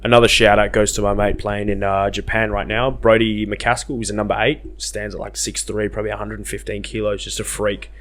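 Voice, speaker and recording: Young Australian man, low voice, animated slangy storyteller, podcast guest. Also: brisk, hardly any pauses. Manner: animated, self-mocking, slangy. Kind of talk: casual storytelling.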